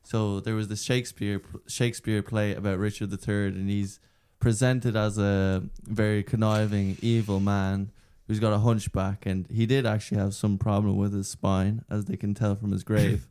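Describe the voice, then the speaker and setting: A man's voice: on the low side, flat delivery, moderate pace, few pauses, warm tone, clean tone. A young man co-hosting a chat, explaining things at length in an earnest way. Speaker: podcast co-host. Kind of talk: casual chat.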